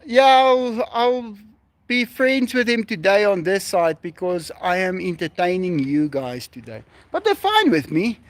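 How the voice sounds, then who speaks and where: Speaking in a high-pitched, sing-song, unhurried way, this South African livestream host, a native Afrikaans speaker, talks animatedly to his viewers beside an animal enclosure. The casual chat has no room sound at all.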